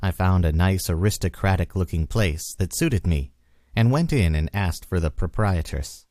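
Deep guy reading a story aloud, voice moves up and down a lot. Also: lively intonation, moderate pace, darkish tone, dry recording, clean studio sound. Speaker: guest reader.

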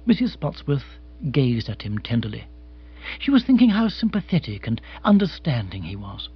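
A man narrating an audiobook in a dry, measured storytelling way. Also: medium pitch, big pitch swings, breathy edge, muffled recording. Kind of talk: audiobook reading.

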